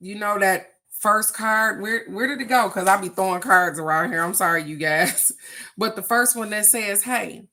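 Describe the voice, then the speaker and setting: Speaking at a moderate pace with a medium pitch and a sharp tone, a woman runs an informal live oracle card reading. She talks right to her audience in an encouraging, motivational manner.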